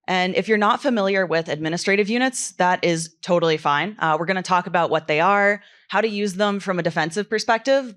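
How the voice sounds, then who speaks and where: A woman presenting a technical talk at a conference, explaining in a relaxed way with frequent fillers. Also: lowish voice. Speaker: conference speaker. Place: conference stage.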